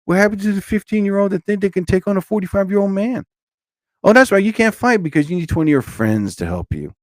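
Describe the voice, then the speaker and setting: A man's voice: high voice, animated, fast talker, no echo. A man in his forties hosting a live stream, ranting in a blunt, emphatic way and stopping to greet viewers in the chat.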